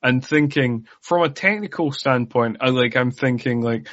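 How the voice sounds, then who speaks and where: A man's voice: mid-range voice, normal speed, hardly any pauses, fairly bright tone. Rambling man on a lo-fi podcast. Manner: rambling, filler-heavy, wry. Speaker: podcast co-host. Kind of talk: casual chat. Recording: dull lo-fi podcast audio.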